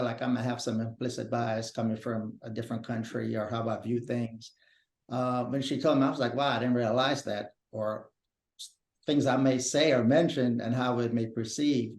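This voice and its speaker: A man's voice: medium pitch, creaky. A man from India, a guest speaking about his marriage, talking hesitantly with many fillers. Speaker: guest, husband. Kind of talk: podcast interview. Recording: echoey room.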